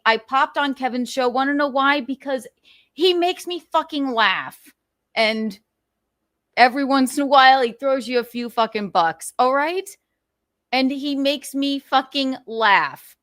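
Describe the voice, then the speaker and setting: A woman's voice: on the high side, fairly bright tone, no echo, clean studio sound. A woman hosting her talk show, speaking in a profane, defensive and emphatic way. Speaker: show host. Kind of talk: casual talk-show commentary.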